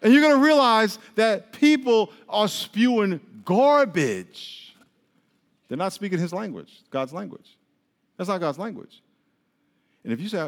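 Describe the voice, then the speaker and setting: A man preaching a sermon as pastor, lively, often acting out quoted voices. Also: high voice, a little slow. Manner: animated, acts out quoted voices. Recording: long reverb of a large hall.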